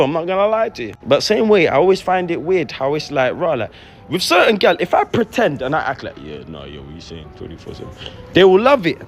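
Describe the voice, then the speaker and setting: Bubbly man in his thirties. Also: a little high. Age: 30s. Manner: bubbly, animated, slangy. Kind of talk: casual vlog rant.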